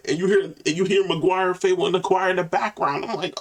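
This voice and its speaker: A man hosting a reaction video, chatting excitedly in casual slang about a song he just heard. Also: high-pitched, fairly quick, few pauses, recorded from a distance. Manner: excited, slangy, quotes lyrics back.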